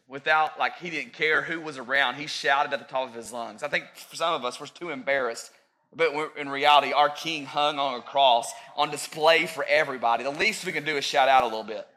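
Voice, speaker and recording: A man in his thirties preaching a sermon as pastor, rising to loud peaks and dropping into joking asides. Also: mid-range voice, a little fast.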